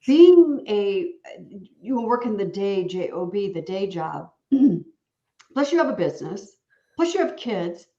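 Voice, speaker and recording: A woman's voice: medium pitch, sing-song, slow pace, warm tone. Woman host rambling motivational stuff, echoey room, kinda muffled audio. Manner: rambling, motivational, fillers and restarts. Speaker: podcast host. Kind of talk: casual interview chat. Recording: roomy, dull video-call audio.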